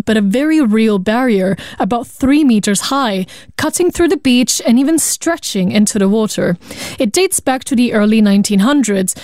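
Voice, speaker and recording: A female reporter reading a scripted news report in a clear, even way. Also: a little high, no room sound, studio quality.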